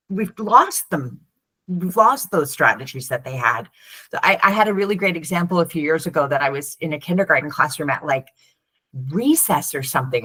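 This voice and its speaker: A middle-aged woman, a former teacher turned parent coach, talking in an interview and acting out the voices of children and parents in her stories. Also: sits low. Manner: animated storyteller who acts out children's and parents' voices. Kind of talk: conversational interview.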